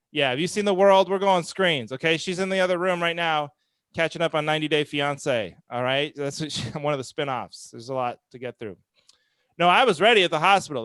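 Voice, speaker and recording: A man's voice: fairly high pitch, fairly bright tone, clear, resonant tone, no room sound. A man in his thirties doing a stand-up comedy set, telling self-deprecating stories in a dry manner and acting out quotes.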